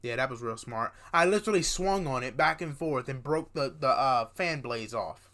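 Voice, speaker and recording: A young man casually telling a dream story to his viewers, tired and yawning at times, animated and rambling with restarts and asides. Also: mid-range voice, normal speed. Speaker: vlogger.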